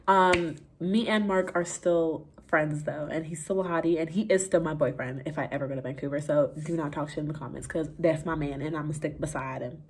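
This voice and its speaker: A young woman vlogger telling a casual story time, animated and laughing, going from hushed to loud. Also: low voice.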